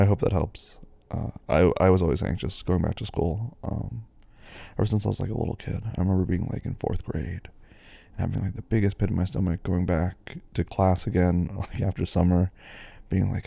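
A man's voice: sits low, brisk, creaky, mellow, breathy edge, dry recording. An American man hosting a casual chat, answering listener questions in a rambling way with lots of fillers and restarts. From United States.

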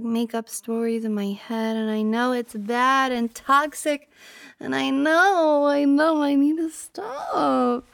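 Young woman doing a possessive girlfriend role-play; higher voice, pouty and teasing, dry close sound. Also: vocal fry, dry recording, exaggerated voice. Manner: pouty, teasing, drifting into soft whispers.

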